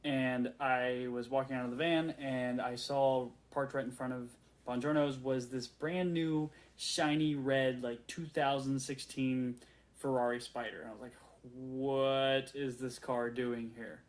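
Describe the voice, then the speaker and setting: A man in his late twenties telling a story in a rambling, excitable way, full of fillers and restarts. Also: medium pitch, measured pace. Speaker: vlogger. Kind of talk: casual storytelling rant.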